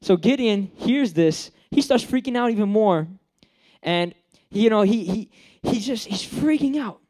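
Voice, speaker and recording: A young man preaching in a loose, conversational way, with a fairly high voice. He jokes, uses slang and acts out the people in his story. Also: expressive, measured pace, a little mellow. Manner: chatty, joking, acts out characters. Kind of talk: casual sermon.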